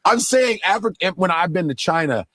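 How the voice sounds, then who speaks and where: A comedian guest in casual chat, talking in an animated, profane way. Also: male voice, sits high, moderate pace, no room sound. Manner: animated, profane, slips into mock voices.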